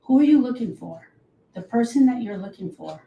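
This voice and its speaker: A woman grief coach and podcast host speaks to camera in a fairly high, gravelly, expressive voice at a slightly fast pace. The highs are cut off in the recording, and she guides listeners through coping tools while repeating key phrases for emphasis.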